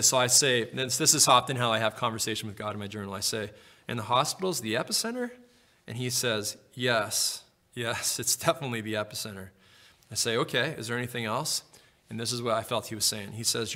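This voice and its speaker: Middle-aged pastor guy preaching, tells a dream story and acts out the voices, bright forceful tone. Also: medium pitch. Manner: animated storyteller, acts out dialogue. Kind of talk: sermon storytelling.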